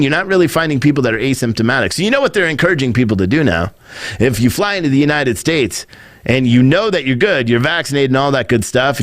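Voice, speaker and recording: Animated, laughing male show host. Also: mid-range voice, no echo, studio quality. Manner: animated, laughing, swearing, self-mocking. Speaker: political commentary show host. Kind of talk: casual live-stream commentary.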